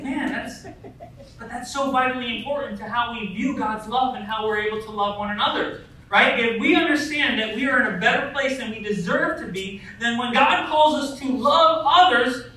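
With an extremely high pitch and a bright, forceful tone, a man preaches a sermon as pastor in a church sanctuary. His style is conversational, full of "right?" asides and family stories. The recording is echoey and distant, with faint noise.

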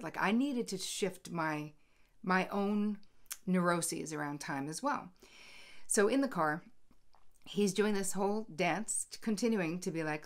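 Middle-aged female host, lowish voice, casual storytelling, candid and animated. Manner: candid and animated, acting out both sides of an argument.

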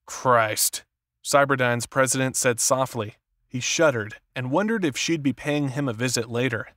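A man's voice: medium pitch, dry recording. Dry-voiced male audiobook narrator. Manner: steady, measured reading. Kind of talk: scripted narration.

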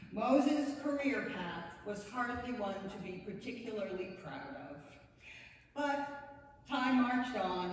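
A woman's voice: medium pitch, slight background noise. A woman pastor giving a sermon, telling a story with wry, playful asides. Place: church sanctuary. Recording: echoey church hall, distant mic.

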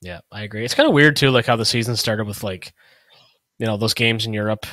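A man's voice: lowish voice, brisk, a bit bright, dry recording. A man in his thirties co-hosting a hockey podcast, talking in a rambling, casual way with lots of asides. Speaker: podcast co-host. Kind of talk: casual sports chat.

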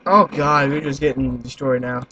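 A young man giving let's-play commentary, excitable, swearing and yelling at other players. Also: mid-range voice, moderate pace. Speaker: gaming YouTuber. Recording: slightly muffled with faint noise.

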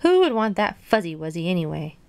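A woman voicing a bold, bossy female alligator from the swamp in a children's storybook, loud, cheeky and demanding. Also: lowish voice, big pitch swings, brisk, clear, resonant tone, no room sound. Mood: sassy.

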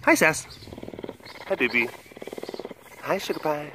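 A man's voice: mid-range voice, animated, a little slow, pauses often, fairly bright tone, slight background noise. A man keeping big cats at an animal facility, chatting casually and cooing at them in gushing baby talk. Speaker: big cat keeper and video host. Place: outdoors at a wild animal facility.

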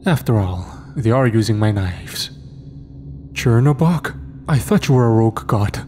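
A man's voice: fairly low pitch, animated, a little slow, darkish tone, a little hiss or hum. A man voicing a smug demon posing as a young man, speaking with casual, mocking menace.

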